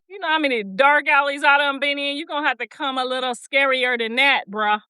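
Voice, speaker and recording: This livestream host speaks in a high, sharp voice at a fairly quick clip, with hardly any pauses and no echo. In casual chat she tells stories bluntly, full of profanity and preachy asides, and reads viewer comments aloud.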